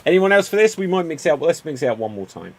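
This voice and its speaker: A man hosting an improv show, telling quick pun jokes and calling on players by name. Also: on the high side, very animated. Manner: quick punny joke-telling, calls on players. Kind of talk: improv joke game.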